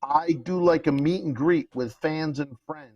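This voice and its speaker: A man's voice: fairly high pitch, unhurried, dry recording, lo-fi sound. A middle-aged man from Brooklyn, chatting casually as a comedian guest and telling stories animatedly. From Brooklyn, New York. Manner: animated storyteller, acts out quotes. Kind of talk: casual chat. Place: home, remote call.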